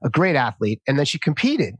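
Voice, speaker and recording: Briskly and with a breathy edge, a man in his fifties hosts a podcast interview in a mid-range voice, keeping things casual and animated. When he quotes someone, he acts it out loudly, and the audio has no echo.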